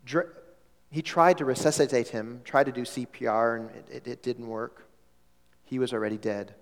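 A man's voice: medium pitch, steady tone, moderate pace. A male pastor telling a story in a sermon, with a conversational delivery that repeats words and asks the congregation questions. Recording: long hall reverb.

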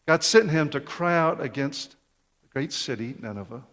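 A man's voice: fairly high pitch, sing-song, normal speed, a bit bright. Guy preaching hard in a church, lots of questions, big echoey hall sound. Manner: impassioned, rhetorical questions, repeats words. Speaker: pastor. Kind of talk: sermon. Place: church sanctuary. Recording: long reverb of a large hall.

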